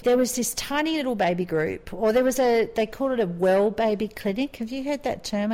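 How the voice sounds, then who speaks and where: An Australian woman in her forties co-hosts a podcast, spinning a rambling, chatty story and laughing often. Her voice is deep with a darkish tone.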